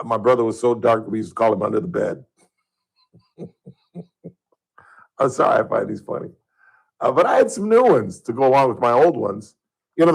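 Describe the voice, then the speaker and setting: A man's voice: medium pitch, gravelly, slightly rough, rough recording. Rambling joking talk radio host, man. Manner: rambling, joking, chuckling at his own jokes. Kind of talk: casual talk radio monologue. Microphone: studio microphone.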